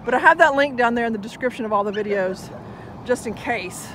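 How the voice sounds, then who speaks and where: A woman's voice: expressive, a little fast, a bit bright, slight background noise. A woman chatting casually to the camera at an outdoor dog park. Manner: chatty, praises her dogs in a high sing-song. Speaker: dog vlogger. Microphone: action camera.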